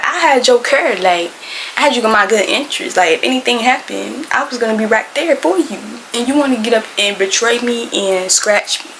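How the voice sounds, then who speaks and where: A woman telling a casual storytime, animated and dramatic, sometimes whispering. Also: on the high side, slight background noise. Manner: animated, talks to the cat in quoted asides, drops to whispers. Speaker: storyteller vlogger.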